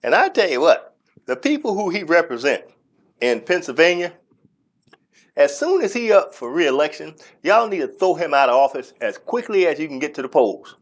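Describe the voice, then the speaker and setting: A man's voice: a little high, very animated, normal speed. A man hosting a church news segment, giving opinionated commentary and talking straight to his audience with scornful asides.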